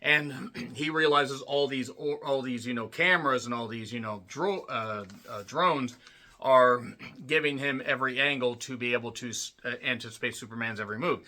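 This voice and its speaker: A man giving a casual, rambling and profane spoken movie recap, often clearing his throat. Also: mid-range voice, moderate pace, bright, forceful tone. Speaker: movie reviewer.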